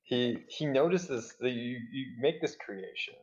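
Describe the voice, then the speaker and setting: A man's voice: mid-range voice, animated, unhurried. A man narrating as game master, slipping into quoted lines for the characters. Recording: dull lo-fi mic.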